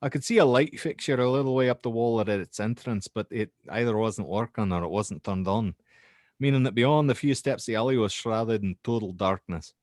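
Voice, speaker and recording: A young Scottish university student recounts a strange night, halting and restarting as he goes, with a man putting on the accent. The voice sits a little low. The sound is dry and close. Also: darkish tone, no echo, natural voice. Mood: uneasy recounting. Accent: put-on Scottish. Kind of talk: dramatic reading of a horror statement.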